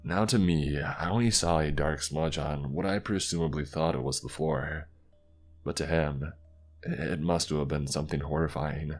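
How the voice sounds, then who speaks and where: Very deep-voiced man narrating horror. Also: moderate pace. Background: faint background music.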